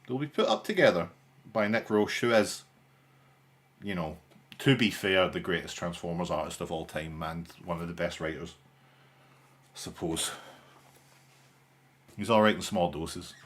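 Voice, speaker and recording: A man's voice: deep voice, moderate pace, pauses often, a bit bright. A young man hosting a live stream in casual chat, with dry, sarcastic humour and a rambling way of talking. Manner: rambling, with frequent restarts and fillers.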